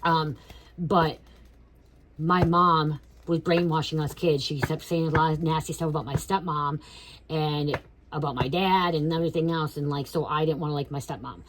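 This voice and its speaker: A woman's voice: deep voice, steady tone, moderate pace, slight background noise. A woman in her thirties giving a casual spiritual reading, blunt and profane, who keeps checking in with "okay?". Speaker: tarot reader.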